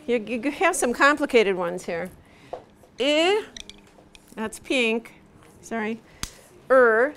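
Slow, patient woman teaching pronunciation. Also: on the high side, a bit bright, slight background noise. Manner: patient, drills sounds slowly with repetition and light laughs. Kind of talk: live English pronunciation lesson.

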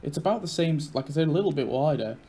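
A young man gives casual commentary on a game, chatty and opinionated, with quick reactions. His voice sits a little high, with faint noise behind it. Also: expressive. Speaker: gaming channel host.

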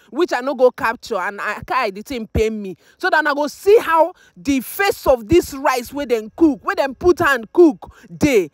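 A Nigerian woman tells the story in a high voice that keeps breaking into exclamations. The sound is dry and close, with no room around it. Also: no echo. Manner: exclaiming, mixes Pidgin into English. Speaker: mother narrating her birthday. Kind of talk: emotional voice-over narration.

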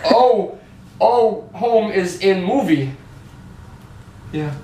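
A man chatting casually at home, joking in deliberately garbled word-salad sentences. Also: high-pitched, lively intonation, dark tone, distant mic. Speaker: vlogger's partner. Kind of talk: silly casual banter. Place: home, indoors. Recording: roomy, off-mic with faint noise.

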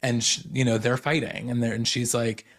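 A young man casually recapping reality TV, excitable and full of filler words. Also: medium pitch, normal speed. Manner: excitable, lots of "like" fillers, quotes people in paraphrase. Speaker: podcast host recapping reality TV.

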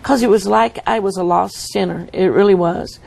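Woman guest, earnest storyteller, strong vocal fry. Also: medium pitch, fairly even intonation, normal speed, darkish tone. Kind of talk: testimony interview.

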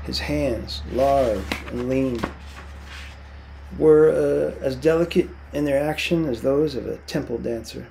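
A man, a teacher, reading a novel aloud with measured, expressive narration. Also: mid-range voice, creaky, slight background noise.

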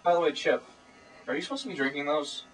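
A man's voice: on the high side, quick pace, a bit bright, a little hiss or hum. A teenage boy co-hosting a comedy web show, lecturing in a pompous, mock-serious way. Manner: pompous, preachy mock authority. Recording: voice distant from camera mic.

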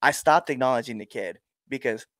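Young male wrestler guest, lively storyteller, dry close mic. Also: brisk, creaky, no echo. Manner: animated storyteller, acts out crowd exchanges with big pitch jumps. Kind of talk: casual storytelling interview.

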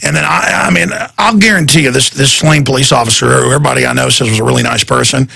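A man's voice: mid-range voice, fast, vocal fry, bright, forceful tone, breathy edge. A man hosting a talk radio show, delivering a heated, rambling and indignant monologue.

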